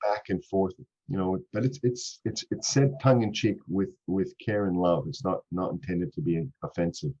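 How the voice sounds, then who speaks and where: A man's voice: low voice, normal speed, hardly any pauses, warm tone, breathy edge. A middle-aged man from Canada with a Canadian accent, a cheerful podcast guest who laughs often and talks with many fillers and restarts over a video call. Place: home office. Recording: dull lo-fi call audio.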